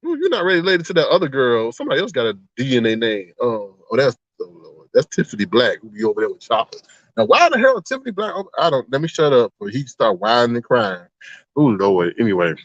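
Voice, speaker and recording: A man hosting a livestream, chatting casually in a rambling, animated way, exclaiming and laughing often. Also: medium pitch, fast talker, no room sound. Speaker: livestream host. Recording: slightly dull, dry sound.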